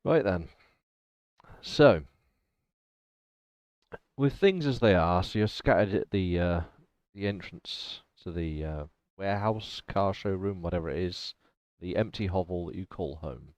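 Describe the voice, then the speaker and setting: A man's voice: deep voice, unhurried, a little mellow, no echo. A man running a tabletop game as game master, thinking aloud and laughing often as he checks the rules.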